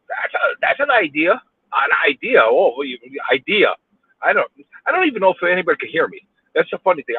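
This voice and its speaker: A man's voice: high-pitched, husky, dry recording. A man with a New York accent ranting angrily while driving in city traffic, firing off repeated rhetorical questions and swearing. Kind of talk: angry road rant. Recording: tinny phone-like audio.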